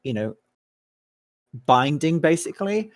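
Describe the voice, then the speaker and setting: A man's voice: on the high side, very animated, measured pace. A staff member in an online meeting, speaking emphatically and repeating his main point. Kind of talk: casual voice-chat meeting.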